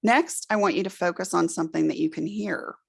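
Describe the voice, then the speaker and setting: A middle-aged woman leading a room through a guided relaxation exercise, giving slow, soothing instructions. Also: on the low side, vocal fry, slightly rough. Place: presentation room with an audience.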